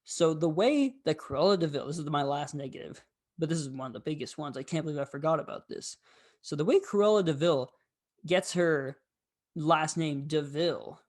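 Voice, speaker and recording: Man hosting a film review show, somewhat high voice, casual, rambling and candid. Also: moderate pace. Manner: rambling, candid, with frequent fillers.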